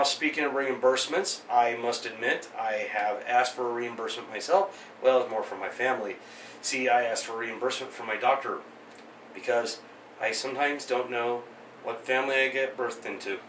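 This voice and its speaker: A man in his late thirties ranting through his weekly commentary with sarcastic, exasperated jabs and jokey asides. His voice is bright and forward. It bounces around a small echoey room, picked up from a little way off the mic. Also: mid-range voice, far from the mic, a little hiss or hum. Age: 30s. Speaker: vlog host.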